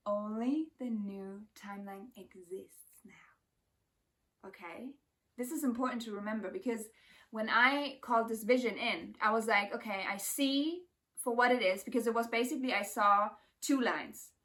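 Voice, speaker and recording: A woman vlogger with a fairly high voice talks about spiritual things in a casual, emphatic way. She sounds intense and fills her sentences with "like". Her voice comes from a little way off the mic. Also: fairly bright tone, far from the mic. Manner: emphatic, intense, heavy use of "like". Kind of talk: casual spiritual vlog talk.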